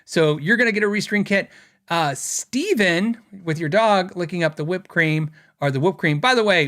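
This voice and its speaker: A man hosting a gear podcast in casual livestream chat, talking loosely, laughing often and jumping up in pitch when excited. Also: moderate pace. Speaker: podcast host.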